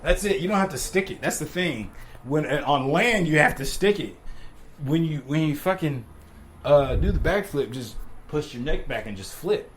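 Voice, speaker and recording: A man's voice: on the high side, expressive, normal speed. Laid-back young man telling stories. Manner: laid-back, laughs often, swears freely; acts out dialogue in shifting voices. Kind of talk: casual storytelling.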